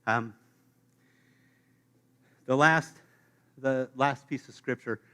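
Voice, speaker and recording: A man preaching a sermon to his congregation, playful and animated, speaking straight to the listeners. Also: mid-range voice, very slow. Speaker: pastor. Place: church sanctuary.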